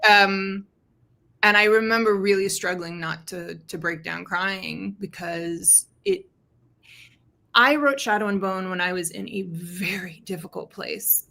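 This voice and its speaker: A woman's voice: on the low side, creaky, fairly bright tone. A woman author speaking in a casual interview over a video call, chatty and laughing often as she tells stories. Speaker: author guest.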